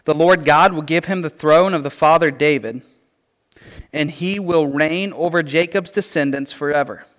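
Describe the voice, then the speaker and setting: A male preacher with a voice pitched a little above the usual, teaching scripture in a casual, conversational sermon. He talks in an animated, chatty way and drops playful asides as he explains. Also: normal speed.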